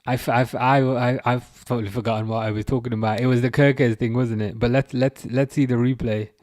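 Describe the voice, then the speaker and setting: A man hosting a casual live football watchalong, reading out chat, laughing often and tripping over his words when he gets excited. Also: mid-range voice, a little fast, no room sound, clean studio sound. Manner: excitable, laughing, stumbling restarts. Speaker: livestream host reading chat.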